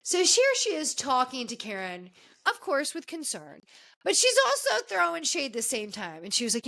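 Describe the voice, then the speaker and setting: A woman's voice: sits high, big pitch swings, normal speed, bright, forceful tone. A woman hosting a podcast, chatting casually and gossipily through a reality show recap with many restarts. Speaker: podcast host.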